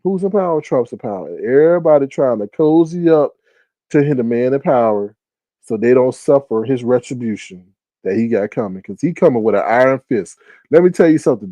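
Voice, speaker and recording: Male streamer chatting with viewers, animated, warm low timbre, dry close sound. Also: no room sound, lo-fi sound. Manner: animated, with shrieking high exclamations and laughter; drawling asides like "ooh, child". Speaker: live-stream host. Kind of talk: casual live-stream chat.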